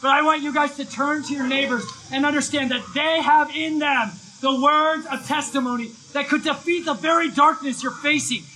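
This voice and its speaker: A man preaching live, telling an excitable story with lots of shouting and bursts of energy. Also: extremely high pitch, normal speed, few pauses, a little hiss or hum, poor audio. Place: live event, outdoors or hall.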